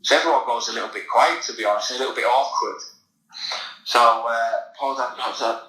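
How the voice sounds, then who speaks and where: A man's voice: mid-range voice, steady tone, a little fast, pushed and bright, reverberant, poor audio. An English man, a former footballer, telling a long anecdote in a casual podcast chat, with many fillers and restarts. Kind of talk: casual storytelling.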